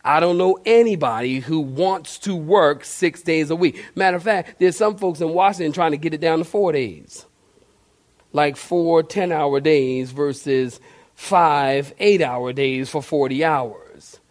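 Guy preaching a sermon, highish voice, asks the crowd stuff, gets loud and animated. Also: measured pace. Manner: animated preaching with direct questions to the congregation; shouted cartoonish outbursts for emphasis. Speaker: pastor.

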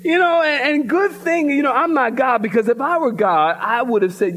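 A pastor from the preaching a sermon in church, telling a story in a lively way and calling out to his congregation. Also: extremely high pitch, unhurried, slight background noise. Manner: storytelling preacher, animated, addresses congregation directly. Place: church sanctuary.

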